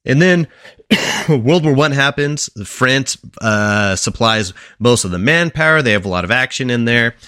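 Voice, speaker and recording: A man's voice: mid-range voice, lively intonation, measured pace, sharp tone, clear, resonant tone, no room sound, studio quality. A man on a podcast, presenting a history segment in casual chat, telling it like a story and quizzing his co-hosts along the way.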